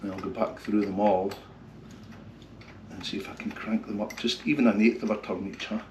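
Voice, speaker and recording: A man working on an old car engine and talking to himself, muttering quietly, with bursts of excitement. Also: fairly low pitch, fairly quick. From Scotland. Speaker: car restorer. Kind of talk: casual workshop commentary. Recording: roomy, distant, noisy workshop sound.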